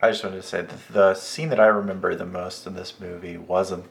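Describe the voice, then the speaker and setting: A man in a casual film discussion, talking in a relaxed way. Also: sits low, a little fast, vocal fry.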